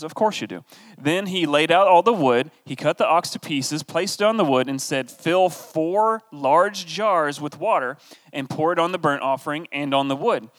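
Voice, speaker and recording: A man's voice: fairly high pitch, a bit bright. Wry man teaching scripture, echoing hall. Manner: reads the passage aloud, then breaks off with wry, joking asides. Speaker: Bible study teacher. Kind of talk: casual scripture teaching with asides. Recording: long reverb of a hall.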